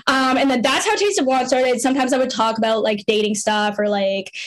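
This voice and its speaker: A woman's voice: a little high, steady tone, brisk. A young woman from Canada, a podcast guest, chatting casually with lots of filler words and playful swearing. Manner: rambling, heavy 'like' fillers, playful swearing. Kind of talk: casual chat.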